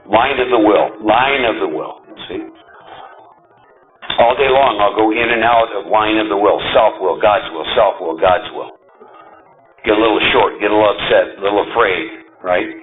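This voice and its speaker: A man giving a talk to a recovery group, emphatic and animated, often checking in with the audience. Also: on the low side, narrow, tinny audio. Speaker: recovery meeting speaker.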